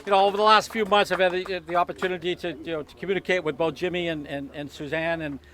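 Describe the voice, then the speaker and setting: A man emceeing an outdoor ceremony as mayor, speaking in quick, flat introductions. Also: sits high, crowd noise, noisy background. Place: outdoor ballfield.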